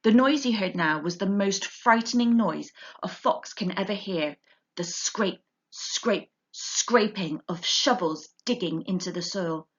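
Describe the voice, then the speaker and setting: A woman reading a children's book aloud in an expressive, animated way, heard through a dull lo-fi recording. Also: medium pitch, measured pace. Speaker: storyteller.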